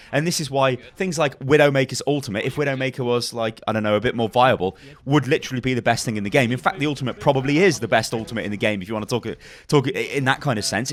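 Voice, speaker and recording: A young man giving a game tips guide in an emphatic, repetitive, worked-up way, his voice slightly hoarse. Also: mid-range voice. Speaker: gaming YouTuber.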